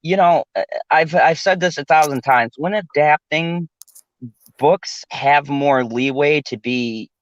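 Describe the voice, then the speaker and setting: A man's voice: on the high side, slow, dry recording, muffled recording. A man hosting his channel in casual podcast chat, rambling with fillers and laughing often. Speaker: channel host.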